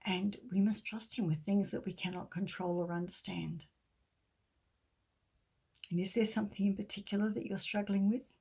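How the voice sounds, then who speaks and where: A middle-aged woman giving a gentle sermon with a children's story, often dropping to a soft near-whisper. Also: medium pitch, steady tone, moderate pace, vocal fry, pauses often, slightly rough. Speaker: church speaker.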